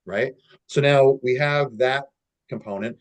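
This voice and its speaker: A man's voice: mid-range voice, measured pace. A male coach talking through ideas in a loose, easygoing way, with plenty of "like" and "you know" as he tells stories. His voice sits in an ordinary middle range for a man. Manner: relaxed storytelling with many fillers. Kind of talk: casual teaching talk.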